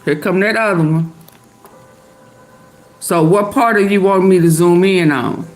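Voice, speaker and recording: A woman's voice: lowish voice, unhurried. A middle-aged woman, hosting a live stream and chatting with her viewers as she reads their comments aloud. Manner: chatty, answers chat comments aloud, laughs often. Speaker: livestream host.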